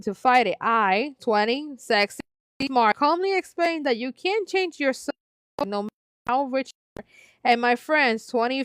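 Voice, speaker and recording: A woman's voice: a little high, clear, resonant tone, dry recording, poor audio. A woman hosting a live stream, reading online posts aloud and commenting on them between frequent fits of laughter. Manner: giggly, breaks into frequent laughter.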